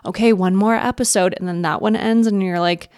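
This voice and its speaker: A woman's voice: medium pitch, fairly even intonation, a little fast, darkish tone, dry recording, clean studio sound. A woman co-hosting a parenting podcast, frank and wry, swearing casually. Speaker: podcast co-host. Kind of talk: casual chat.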